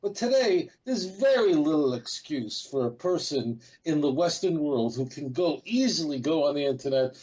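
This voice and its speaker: A man's voice: on the high side, animated, normal speed, hardly any pauses, darkish tone, slightly rough, poor audio. A man, a rabbi speaking as an interview guest, talking in an emphatic, defiant, repetitive way. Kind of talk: heated interview talk.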